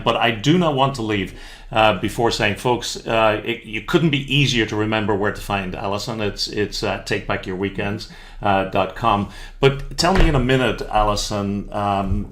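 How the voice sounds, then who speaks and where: A man's voice: fairly low pitch, fairly bright tone. A man hosting a live online session, wrapping up politely with an eye on the time. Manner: courteous, time-conscious, a few fillers. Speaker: host.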